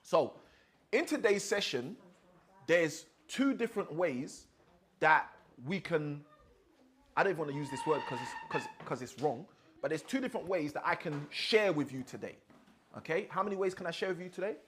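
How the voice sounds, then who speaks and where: Man, high voice, interactive teaching, questions the audience. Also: animated, normal speed, a bit bright. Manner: asks the audience questions often. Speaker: teacher leading a faith session.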